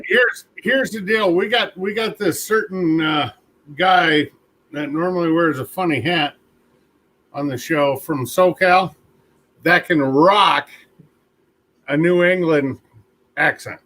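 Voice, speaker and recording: Male host, live cooking chat, easygoing, slow talker, slightly high voice. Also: bright, forceful tone. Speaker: host reading viewer questions. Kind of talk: casual live-stream chat.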